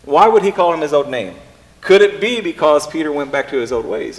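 A man's voice: a little high, expressive. Man preaching in a reverberant hall. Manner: halting, repeats words, thinks aloud. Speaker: pastor. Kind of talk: sermon.

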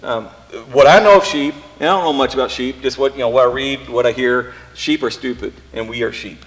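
A pastor preaching a casual sermon, often pausing and repeating words as he thinks aloud. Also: mid-range voice. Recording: long reverb in a hall.

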